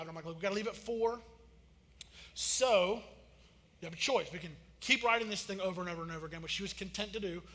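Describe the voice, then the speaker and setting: Pastor guy, higher voice, storytelling sermon, acts out the quotes, echo from a big church hall. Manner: animated, acts out quotes with big swings in loudness. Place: church auditorium.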